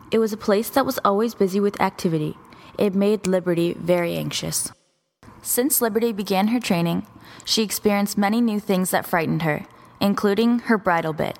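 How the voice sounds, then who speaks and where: Female storyteller, gentle even read, mid-range voice, scripted children's narration. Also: medium pitch, vocal fry.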